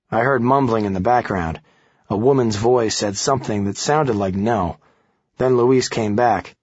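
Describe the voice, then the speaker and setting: Low husky male audiobook narrator. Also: normal speed, no room sound, dull audio. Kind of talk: first-person thriller narration.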